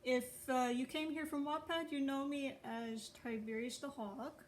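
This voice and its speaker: A woman's voice: high-pitched, steady tone, measured pace, slight background noise, poor audio. A young adult woman chatting casually to viewers in a rambling, offhand way. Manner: rambling, chatty, laughs at herself. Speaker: online writer and video creator. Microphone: phone.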